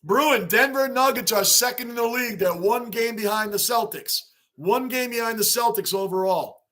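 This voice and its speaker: Man, very high voice, bright and sharp, livestream host, casual chat, excitable, shouts at big plays. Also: normal speed. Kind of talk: casual live-chat sports reaction.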